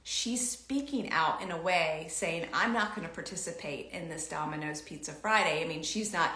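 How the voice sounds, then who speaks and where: Bright, animated woman telling a story. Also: normal speed. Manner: animated, acts out quoted dialogue with big pitch jumps. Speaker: host. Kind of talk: casual storytelling chat. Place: home room. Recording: echoey room.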